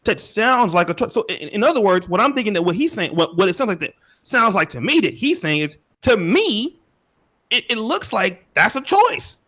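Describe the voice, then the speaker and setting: A man's voice: high-pitched, big pitch swings, normal speed, fairly bright tone. A man co-hosting a casual debate show, often stumbling and repeating words while he builds his point. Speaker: podcast co-host.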